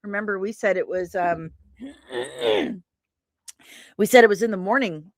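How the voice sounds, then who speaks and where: A woman's voice: mid-range voice, a little slow, dry recording, studio quality. A woman hosting a livestream in a rambling, chatty way, tired after a long day of travel and laughing often. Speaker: livestream host. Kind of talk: casual chatty stream talk.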